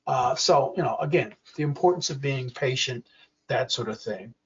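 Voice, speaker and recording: A man in his sixties giving an educational workshop talk, speaking slowly and clearly and acting out quoted examples. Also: medium pitch, expressive, far from the mic. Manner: slow, deliberate, acts out quoted examples. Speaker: workshop presenter. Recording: dull lo-fi audio.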